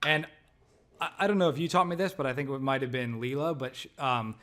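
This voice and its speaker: A man sharing his training experience in casual conversation, reflective and halting. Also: medium pitch, bright, forceful tone. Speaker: sales trainee.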